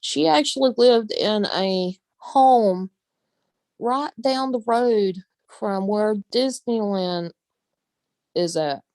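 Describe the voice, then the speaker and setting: A woman's voice: mid-range voice, slow, a little mellow, dry recording. A woman from the Southern United States with a Southern accent, chatting casually on her vlog, laughing often and using folksy phrases. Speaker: vlogger. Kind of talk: casual chat.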